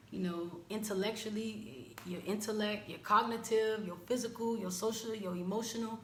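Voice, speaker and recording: Brief: a woman from the United States with a low voice, speaking candidly about her past in a searching, halting way. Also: reverberant, slight background noise. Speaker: vlogger. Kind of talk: personal reflective monologue.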